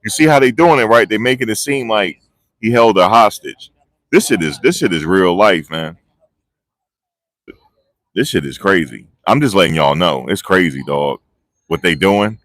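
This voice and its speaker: A man reports live from the street into a phone on a gimbal. His fairly low voice sounds close and dry. He rambles excitedly and keeps losing his train of thought. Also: normal speed, pauses often, no room sound. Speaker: vlogger reporting on a trial. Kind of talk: live casual street commentary. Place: outdoors outside a courthouse. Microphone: phone on a handheld gimbal.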